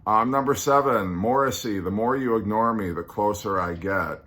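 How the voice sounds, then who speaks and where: A man with a deep, low voice hosts a casual solo podcast. He talks things through slowly and earnestly, trailing off into ums and restarting his sentences as he goes. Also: fairly bright tone. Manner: musing, hesitant, earnest, many ums and restarts. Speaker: podcast host.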